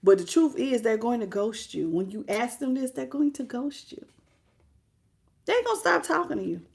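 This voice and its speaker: A woman reads tarot live. She talks bluntly and with slang, and her voice sits fairly high. She stays animated as she calls out to her chat viewers. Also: normal speed, creaky. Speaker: tarot reader.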